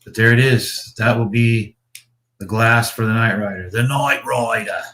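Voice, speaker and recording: A man's voice: on the low side, flat delivery, moderate pace, fairly bright tone, a little hiss or hum. A man hosting a casual livestream, chatting about his model builds in a rambling way, with swearing and chuckles. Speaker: slot car builder and show host.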